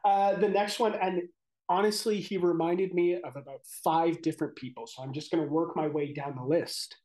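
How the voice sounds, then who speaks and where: A man's voice: fairly high pitch, steady tone, moderate pace, darkish tone. A man co-hosting a podcast in casual chat, easygoing and joking. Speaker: podcast co-host.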